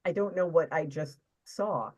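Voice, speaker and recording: A woman's voice: sits low, a little slow, a little mellow, rough recording. A woman co-hosting a stream, chatting casually in a dry, wry, self-deprecating way. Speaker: stream co-host. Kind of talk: casual chat.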